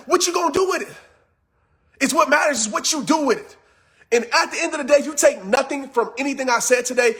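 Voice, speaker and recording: A man delivers a fired-up motivational talk, his voice strikingly high and the words rushing out fast. He yells with intense, repetitive urgency, hammering the same phrases again and again. He has just come from a workout. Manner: yelling, intense and repetitive, preachy. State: just finished working out. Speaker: motivational speaker.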